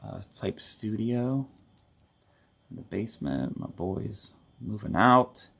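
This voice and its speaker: A man's voice: on the low side, lively intonation, takes it slowly, gravelly, fairly bright tone, husky. A middle-aged man hosting a casual hobby tutorial at home, chatty and rambling, often correcting himself mid-sentence. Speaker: host of a board gaming channel.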